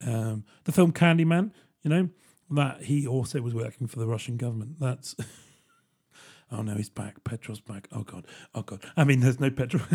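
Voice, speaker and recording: Husky-voiced man rambling on a podcast. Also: mid-range voice, moderate pace, a little mellow. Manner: joking and rambling, keeps asking "right?". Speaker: podcast host. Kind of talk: casual solo podcast monologue.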